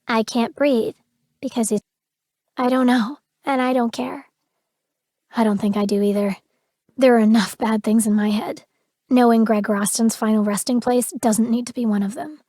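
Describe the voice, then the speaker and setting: A woman narrating a dark romance audiobook in the first person, with an intimate, emotional delivery. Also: fairly high pitch, no room sound, studio quality.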